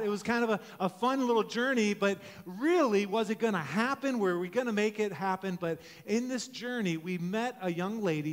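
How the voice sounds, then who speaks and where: A man in his forties preaching a conversational sermon, telling a story and often stopping to restart or correct himself. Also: sits high. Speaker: pastor. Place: church sanctuary. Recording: long reverb of a church hall.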